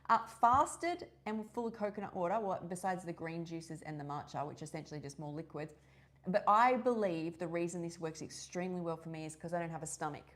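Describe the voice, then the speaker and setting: Chatty Australian woman, lowish voice. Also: fast talker. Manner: rambling, chatty, many fillers and restarts. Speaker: host of a live wellness session. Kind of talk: casual live-stream chat.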